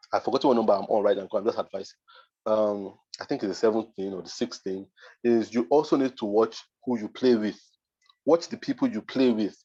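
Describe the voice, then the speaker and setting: A man's voice: on the low side, warm tone, slightly rough, lo-fi sound. A Nigerian man, a design mentor, giving a motivational masterclass talk, emphatic and repeating his points for force.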